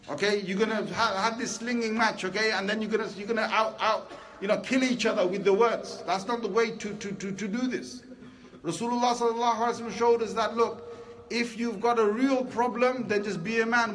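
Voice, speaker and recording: A man's voice: high voice, normal speed, bright, forceful tone. A man delivering a Friday sermon in a hall, telling stories with animation and speaking directly to the men as brothers. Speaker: preacher.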